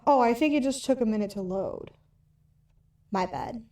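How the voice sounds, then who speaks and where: A woman's voice: on the high side, animated, normal speed, a little mellow, dry recording, studio quality. A woman streamer rambling casually and giggling while showing off sound effects and voice changer settings. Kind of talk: casual livestream chat. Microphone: headphones beneath a hat.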